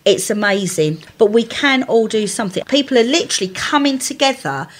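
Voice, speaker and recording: A woman co-hosting a podcast, chatting and telling animated anecdotes. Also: brisk. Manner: animated storyteller, jumps high when quoting people. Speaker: podcast co-host. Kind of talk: casual chat and anecdote telling.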